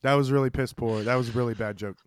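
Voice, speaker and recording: A man's voice: mid-range voice, fairly even intonation, fast talker, dry recording, clean studio sound. A man co-hosting a casual podcast, teasing and laughing often. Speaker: podcast co-host. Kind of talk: casual banter.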